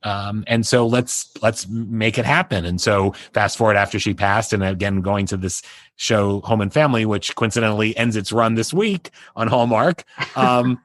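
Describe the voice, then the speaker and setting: A man's voice: fairly low pitch, moderate pace, a bit bright, no echo. Man telling a personal story, dry close sound. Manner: rambling, many restarts and "you know". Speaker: interview guest, entertainment publicist.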